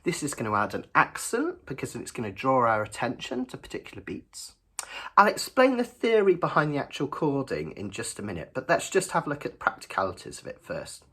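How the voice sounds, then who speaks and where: A man's voice: mid-range voice, huge pitch swings, brisk, pushed and bright, breathy edge. A man teaching a ukulele lesson in a chatty, encouraging way, counting beats aloud as he strums. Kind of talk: friendly instructional lesson. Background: his own ukulele playing.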